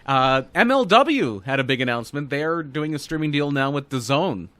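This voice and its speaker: A man co-hosting a podcast, casually walking through news and rumors with relaxed hedging asides. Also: fairly high pitch, moderate pace, no room sound. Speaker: podcast co-host. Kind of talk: casual wrestling news chat.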